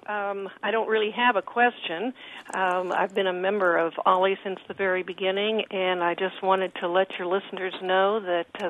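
A woman calling in to a radio show, enthusiastic with hesitant fillers, over a phone line. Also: lowish voice. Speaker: caller. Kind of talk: radio call-in chat.

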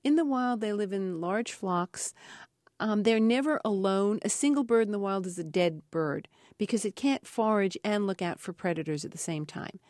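Woman researcher telling stories in an interview, animated, does little voices, dry close sound. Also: mid-range voice, normal speed, dry recording. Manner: animated storyteller, acts out voices in anecdotes. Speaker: parrot researcher guest. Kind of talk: interview storytelling.

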